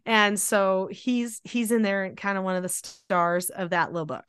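A woman in her forties, a mother and host, talking in a chatty, animated way and acting out quotes. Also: mid-range voice, moderate pace, clean tone. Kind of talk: casual conversation.

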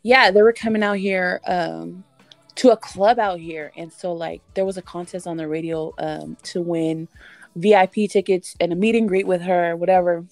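A woman's voice: fairly low pitch, steady tone, normal speed, darkish tone, no echo. A young woman co-hosting a podcast, telling stories in a playful, teasing manner. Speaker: podcast co-host. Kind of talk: casual storytelling chat.

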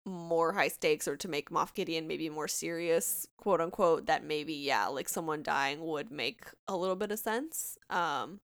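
A woman co-hosting a casual fan podcast, chatty and animated, often laughing as she talks. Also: deep voice, a little slow, few pauses. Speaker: podcast co-host.

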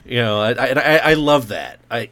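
A man's voice: mid-range voice, lively intonation, fairly bright tone. Brief: male co-host, casual, stumbles and restarts mid-thought. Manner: halting, restarts a lot. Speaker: podcast co-host. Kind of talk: casual film discussion.

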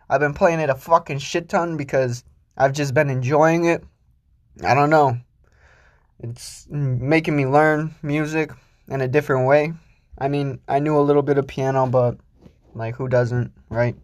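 A young man hosting a solo podcast, ranting crudely and rambling with lots of swearing, swinging between loud outbursts and low mutters. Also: a little slow, pauses often. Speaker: podcast host.

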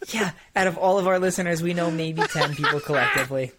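A man's voice: on the high side, quick pace, very noisy. A young man co-hosting a podcast, telling stories in casual chat, joking and laughing often. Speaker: podcast co-host.

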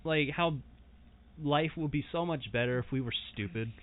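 A man's voice: a little high, normal speed. A man in casual chat, musing hesitantly with many fillers. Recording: phone-like sound with faint noise.

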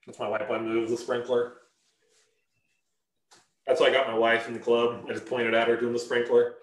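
A man's voice: medium pitch, little pitch movement, normal speed, echoey room, poor audio. A man chatting casually between sales calls, loose, joking and a bit tipsy. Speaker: sales caller. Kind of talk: casual chat.

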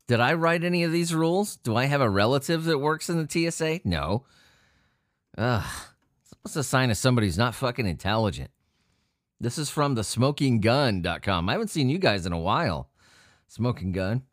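A man's voice: medium pitch, very animated, normal speed, no room sound, clean studio sound. Profane, joking man riffing on news. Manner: profane, joking, laughs through the reading. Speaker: host reading odd news stories. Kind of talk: casual solo commentary on news.

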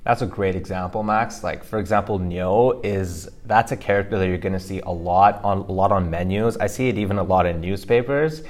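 A man with a low voice co-hosts a casual instructional podcast as a language teacher, talking a little fast with hardly any pauses. He explains pronunciation loosely, with fillers and restarts.

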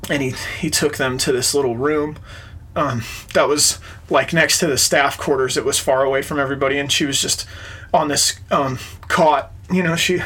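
A man's voice: mid-range voice, steady tone, moderate pace, bright, forceful tone, husky. A man, an interview guest, earnestly recounting a personal story in conversation. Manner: earnest, retells events with quoted dialogue.

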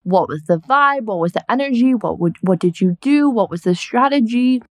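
A woman's voice: a little high, animated, normal speed. A young woman hosting her own podcast, talking in a bubbly, effusive, casual way with lots of "like" as a business coach.

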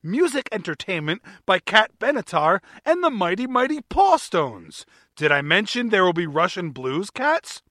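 A man's voice: high voice, sing-song, moderate pace, few pauses, bright, forceful tone, no room sound, studio quality, voice pushed down, heavily acted. A man putting on a mock accent as an overexcited announcer in a cat-show ad. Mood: hyped. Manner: mock accent, over-the-top hype.

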